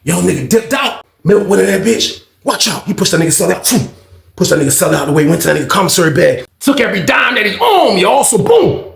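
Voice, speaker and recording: A man's voice: high-pitched, very animated, fast talker, gravelly, reverberant. A man telling a prison story casually and animatedly, repeating lines and acting out quotes. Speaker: storyteller recounting prison life.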